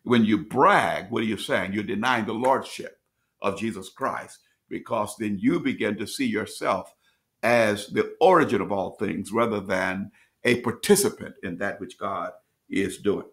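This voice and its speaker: A man teaching as pastor at a midweek bible study, reading scripture slowly and restating phrases as he explains. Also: on the low side, fairly bright tone. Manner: preacherly, repeats and restates phrases; reads scripture slowly with rising emphasis.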